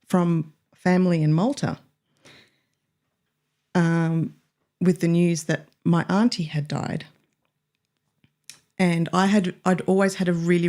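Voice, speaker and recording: A woman's voice: lowish voice, warm tone. A woman co-hosting a radio chat, talking in a reflective and emotional way about her own experiences. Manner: emotional, reflective, slow in places. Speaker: radio co-host.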